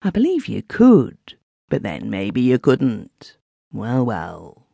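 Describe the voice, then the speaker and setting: A man gives voice to a kindly, gossipy villager who bursts into feeling easily. His lines rise high and louder than the telling around them. It is a dry, close audiobook recording with a gravelly edge. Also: huge pitch swings, takes it slowly, dry recording, heavily acted. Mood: earnest. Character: kindly, emotional middle-aged villager Smith. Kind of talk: audiobook character voice.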